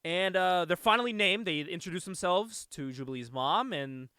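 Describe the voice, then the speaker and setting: A man hosting a podcast, recapping a movie in casual chat, animated and laughing often with casual swearing. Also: high voice, normal speed, clear, resonant tone, dry recording, studio quality. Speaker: podcast host.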